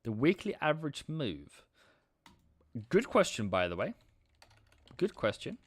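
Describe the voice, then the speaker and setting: A man hosting a live trading stream, excitable and slangy, calling viewers mate and bro. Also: fairly high pitch, a little slow, no echo.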